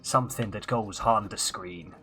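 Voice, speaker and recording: A man's voice: fairly low pitch, moderate pace, pushed and bright. A man chatting casually while live-streaming a game, self-mocking and muttering asides into a headset.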